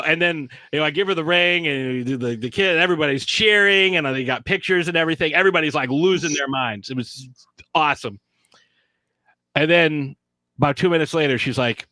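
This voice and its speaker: A man's voice: a little fast, no room sound. A man telling a long personal story on a podcast, acting out the quotes. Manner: animated storyteller, acts out quotes in high voices. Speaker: podcast guest. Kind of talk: casual storytelling.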